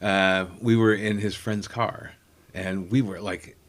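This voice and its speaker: A man's voice: on the low side, steady tone, slow. A middle-aged man telling rambling, self-deprecating family anecdotes in a casual chat, acting out the people he quotes. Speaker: comedian guest.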